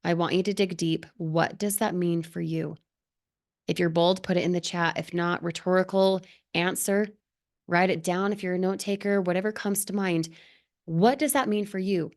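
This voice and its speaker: A team leader runs a live motivational session for her staff, earnest and emphatic and full of rhetorical questions. She speaks on the low side, at a moderate pace with a steady tone.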